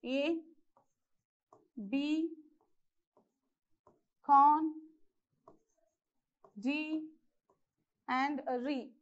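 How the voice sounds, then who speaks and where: A woman's voice: high-pitched, steady tone, extremely slow, long pauses, dull audio. A woman with an Indian English accent teaching a grammar lesson, repeating herself and checking in with her students often. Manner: repetitive, checks in with "okay" and "isn't it".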